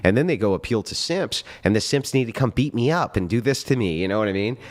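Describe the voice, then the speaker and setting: A man's voice: on the low side, expressive, quick pace. A man giving heated, profane commentary after a debate, emphatic and mocking.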